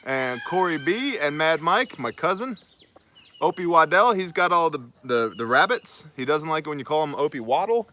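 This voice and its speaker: A man hosts a casual livestream outdoors on his homestead. His voice is bright and forward, and he jokes around in an upbeat way as he greets viewers by name. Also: a little high, expressive, moderate pace, slight background noise. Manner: joking and upbeat, reading out viewer names. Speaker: host of a live prepper show.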